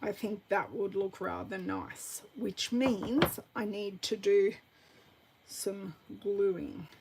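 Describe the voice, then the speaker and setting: Slow, gravelly woman crafting. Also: medium pitch, slight background noise, rough recording. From Australia. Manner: chatty, thinks aloud, bursts of excitement. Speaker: card-making demonstrator. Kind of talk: live crafting tutorial chat. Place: at a craft desk.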